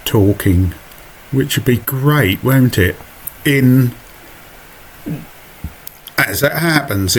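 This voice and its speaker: A man with a Suffolk accent rambles through his own video in an unhurried, conversational voiceover. He pokes fun at himself and drifts into asides, at a middling pitch, with a faint hiss underneath. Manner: chatty, self-mocking, rambling asides. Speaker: vlogger. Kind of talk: casual narrated voiceover.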